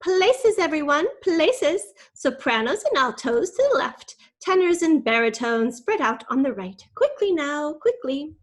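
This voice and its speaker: A woman reading aloud voices a brisk, strict female music teacher calling orders loudly. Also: high-pitched, very animated, voice pushed up. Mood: commanding. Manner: loud, commanding.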